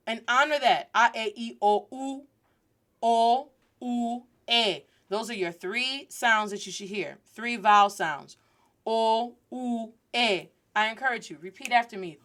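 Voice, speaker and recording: Woman, 30s, podcast language teacher, chatty, lively, slightly high voice. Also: unhurried. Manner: lively, chatty, drops into Spanish phrases. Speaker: host and Spanish teacher. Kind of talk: casual podcast lesson.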